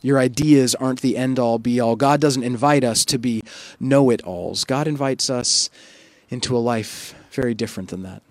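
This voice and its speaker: A male pastor giving a sermon in an earnest, reflective way, often trailing off softly. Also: medium pitch, no echo. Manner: earnest, reflective, with soft dropping pauses.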